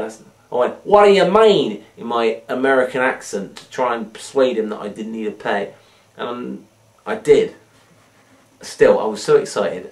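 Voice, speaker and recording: A man hosting a magic product review, playful and rambling with frequent jokey asides. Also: lowish voice. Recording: echoey room, mic at a distance.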